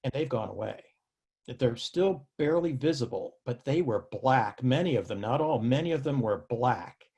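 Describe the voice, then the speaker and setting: A man hosts a casual interview over a video call and asks follow-up questions in a measured way. His voice sits at an ordinary middle pitch. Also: lively intonation, vocal fry, warm tone, slightly rough. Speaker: host.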